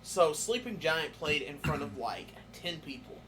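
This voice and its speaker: A man on a podcast who gets loud and excited telling concert stories. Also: fairly high pitch, unhurried, a little hiss or hum. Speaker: podcast host. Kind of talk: casual podcast chat.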